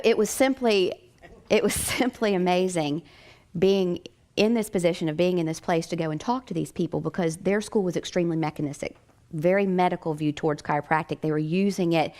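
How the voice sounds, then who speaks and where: American woman, storyteller, animated, laughs often, somewhat low pitch. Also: normal speed. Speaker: doctor of chiropractic. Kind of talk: personal storytelling.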